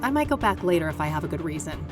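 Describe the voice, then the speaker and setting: A woman's voice: deep voice, sing-song, very fast. Dry young female investigator. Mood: dismissive. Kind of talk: adventure game voice acting. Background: game music.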